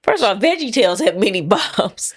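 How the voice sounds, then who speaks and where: A woman co-hosting a podcast in casual chat, blunt and teasing and quick to laugh. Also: mid-range voice, big pitch swings, husky. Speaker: podcast co-host.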